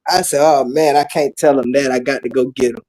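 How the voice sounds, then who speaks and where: A man telling a story in casual chat, animated, acting out the voices of the people in it and laughing often. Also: mid-range voice, brisk, poor audio. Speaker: podcast host.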